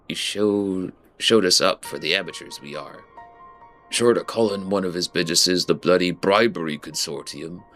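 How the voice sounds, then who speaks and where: A man voicing a gruff female sea captain in a rough pirate-style brogue, reading game dialogue aloud. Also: rumbling low, a bit bright.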